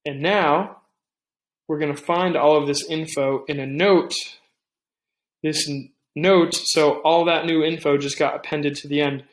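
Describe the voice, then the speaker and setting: A young man hosting a casual tech tutorial, talking things through with asides and quick restarts. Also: a little high, fairly even intonation, roomy sound. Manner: chatty, thinks aloud with restarts and asides. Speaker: tech tips host. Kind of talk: casual screen-recorded tutorial.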